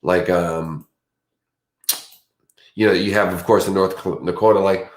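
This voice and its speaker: A man's voice: low voice, fairly even intonation, measured pace, long pauses, reverberant. A man hosting a livestream in casual, rambling chat, chatty and self-mocking. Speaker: livestream host.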